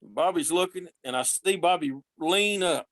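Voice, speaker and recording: A man telling road stories casually as a podcast guest, lively and acting out the voices of the people he quotes. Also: sits high, moderate pace, dry recording. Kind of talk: casual storytelling.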